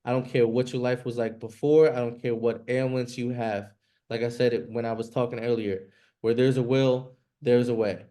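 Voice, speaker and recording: A man's voice: medium pitch, flat delivery, moderate pace, dark tone. Blunt motivational coach man. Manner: direct, blunt, casual swearing, filler "like".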